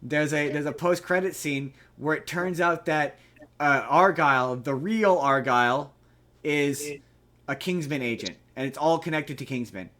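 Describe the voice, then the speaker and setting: A man with a fairly high voice talks loosely and at length on a podcast. His recap wanders and restarts, and he swears freely as he goes. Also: unhurried, bright, forceful tone. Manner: rambling, profane retelling of a movie plot. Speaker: podcast co-host. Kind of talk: casual chat.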